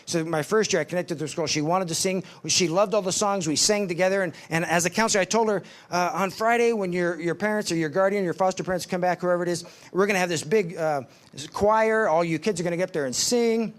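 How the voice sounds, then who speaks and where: Man telling devotional stories, slightly high. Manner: storytelling, acts out quoted voices, slows for emphasis. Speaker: speaker at a ministry summit.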